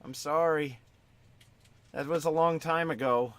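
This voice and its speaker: A man's voice: a little slow, a bit bright. A man voicing a frightened young boy who works in an armory, stammering in a raised voice. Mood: timid stammer. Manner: stammering, high and timid.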